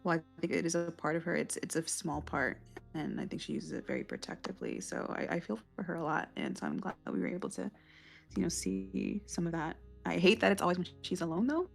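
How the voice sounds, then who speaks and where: Gravelly-voiced woman talking thoughtfully. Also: lowish voice, expressive, fast, soft background music. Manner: thoughtful, modest. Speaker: voice actor and narrator. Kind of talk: casual chat.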